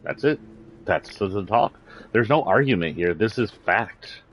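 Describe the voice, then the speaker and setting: A man's voice: on the low side, animated, a little slow, highs cut off, a little hiss or hum. A man from Texas with a slight Southern accent, delivering a blunt, indignant political rant on a livestream, swearing freely. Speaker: political commentator.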